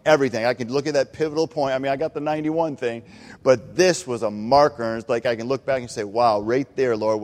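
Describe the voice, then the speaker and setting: Earnest preacher man in a reverberant hall. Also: mid-range voice. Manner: earnest, conversational, repetitive phrasing. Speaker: preacher giving testimony. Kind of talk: testimony sermon.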